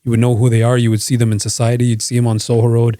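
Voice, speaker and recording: Man, from Canada, podcast co-host, relaxed chatty talk, mellow tone, dry sound. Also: medium pitch, rapid-fire, dry recording. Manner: chatty, explains with comparisons, fillers like "like" and "you know". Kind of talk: casual chat.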